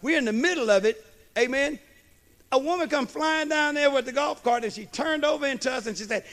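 A man preaching a sermon as a pastor, slow and emphatic, tossing in "amen" and questions to the congregation. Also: extremely high pitch, fairly bright tone. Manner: preaching with call-and-response asides; slow, emphatic delivery with storytelling.

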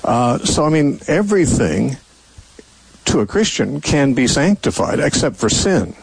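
A man's voice: mid-range voice, very animated, measured pace, vocal fry, husky, no echo, poor audio. An older man hosting a call-in radio Bible show, answering callers with thoughtful, rambling explanations full of fillers and restarts.

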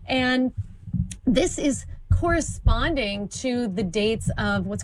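Lively woman explaining on a talk show. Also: a little high, takes it slowly, dry recording, rough recording. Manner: enthusiastic, explanatory, occasional stumbles. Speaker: commentator. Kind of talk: informative conversational talk.

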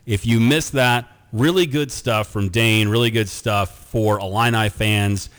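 A man's voice: lowish voice, fairly even intonation, measured pace, a bit bright, clear, resonant tone, in a large hall. A man hosting a sports radio show in a studio, chatting casually, joking and reading listener texts aloud.

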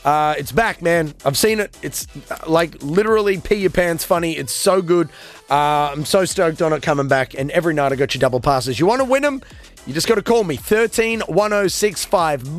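A man hosting an evening radio show and taking calls. He talks in an animated, joking, self-mocking way. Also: high-pitched. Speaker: radio host.

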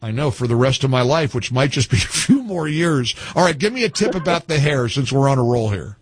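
A middle-aged man hosting call-in talk radio, animated, jokey and easily exasperated. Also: mid-range voice, a little fast, husky. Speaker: radio talk show host.

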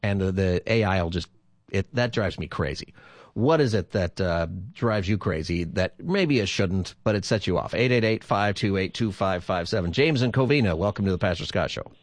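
A man's voice: sits low, normal speed, no room sound. A man hosting a call-in radio show as pastor, chatty and laughing easily, speaking into a studio microphone. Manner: chatty, laughs easily, repeats the phone number. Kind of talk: casual call-in radio chat.

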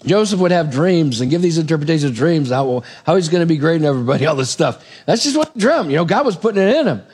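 A man preaching a sermon, retelling a Bible story in a casual, animated way with asides to the congregation. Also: a little high, quick pace, breathy edge.

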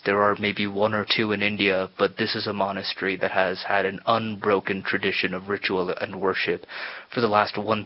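A man working as guide and researcher, explaining history in a measured, informative way. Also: lowish voice, muffled recording. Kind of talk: explanatory interview answers.

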